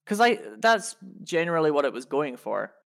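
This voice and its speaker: A woman's voice: deep voice, sing-song, moderate pace, creaky. A woman with a Scottish accent, co-hosting a podcast and chatting casually about a science article, thinking aloud and laughing easily. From Scotland. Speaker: podcast co-host.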